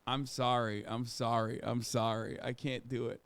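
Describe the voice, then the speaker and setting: A man riffing sarcastically on a live stream, casual and prone to swearing. His voice is smooth and resonant at a middle pitch, recorded dry and close. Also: flat delivery, normal speed, fairly bright tone, dry recording.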